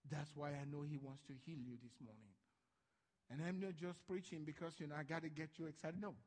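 A male pastor preaching a sermon, swinging from hushed lines to loud ones and acting out voices from Bible stories. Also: fairly high pitch, steady tone, brisk, in a large hall.

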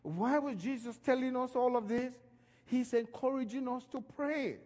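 Male preacher, sermon, slow deliberate pace, emphatic swells, reverberant hall. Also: extremely high pitch. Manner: animated preaching, voice rising and falling in emphasis.

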